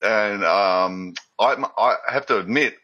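Man, rambling casual chat, bright tense voice, muffled lo-fi sound. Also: lowish voice, takes it slowly. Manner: rambling and chatty, with stumbling restarts. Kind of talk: casual chat on a call-in show.

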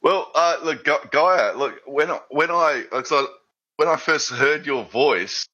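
A man's voice: on the high side, lively intonation, a little slow, bright, forceful tone, lo-fi sound. A man chatting on a call-in show, rambling and stumbling over his words as he tells stories. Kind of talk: casual chat on a call-in show.

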